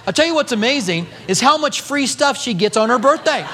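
A man pastor delivering a sermon to his church, animated and conversational, slipping into voices to act out biblical figures. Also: very high-pitched, normal speed, slight background noise. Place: church sanctuary. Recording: long hall reverb.

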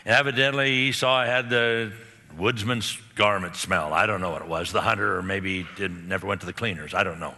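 Animated preacher man in a reverberant hall. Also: lowish voice, fairly quick. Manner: animated, acts out the characters' lines. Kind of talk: sermon storytelling.

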